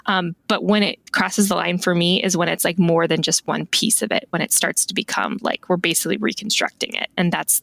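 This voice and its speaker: A woman with a gravelly, fry-tinged voice, a little rough from the morning, chats casually as a podcast guest. She speaks thoughtfully and leans on "like" as she works through her ideas. The recording is close and dry. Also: on the low side, a bit bright, no echo. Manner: thoughtful, lots of "like" fillers. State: morning voice, clearing throat. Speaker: guest stationery calligrapher.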